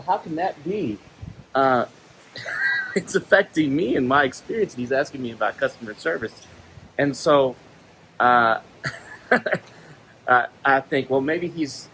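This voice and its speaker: A man's voice: mid-range voice, pushed and bright, a little hiss or hum, low-quality recording. A man casually telling personal stories in a monologue, laughing often and acting out the quoted exchanges. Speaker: vlogger sharing stories.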